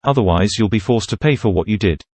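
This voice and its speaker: A man's voice: lowish voice, lively intonation, quick pace, a little mellow, dry recording. A man voicing a sinister, skeletal male shadow spectre who murmurs with coaxing menace in a horror story reading.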